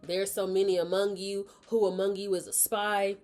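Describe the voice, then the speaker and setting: A woman's voice: medium pitch, flat delivery, moderate pace, darkish tone, close to an everyday voice. A woman voicing a captured male soldier who mockingly taunts a crowd. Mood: taunting.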